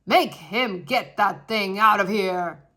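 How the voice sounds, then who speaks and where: Woman doing a stern booming older man, pompous, loud, low, children's read-aloud. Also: slow pace. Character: pompous older male dinner guest.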